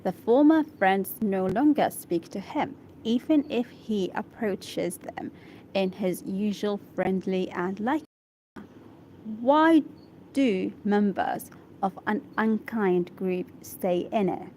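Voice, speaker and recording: This English learner, a woman whose native language is Arabic, reads an article aloud slowly in a warm, mid-range voice with lively intonation. She halts to sound out and repeat hard words and to verify her pronunciation, over a slight hiss or hum.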